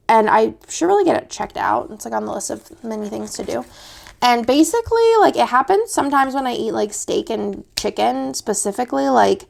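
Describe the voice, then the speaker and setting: A young woman from Texas chatting casually as she decorates her planner, rambling with many fillers and restarts, and sometimes dropping to a soft murmur while she works. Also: fairly high pitch, creaky. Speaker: planner vlogger.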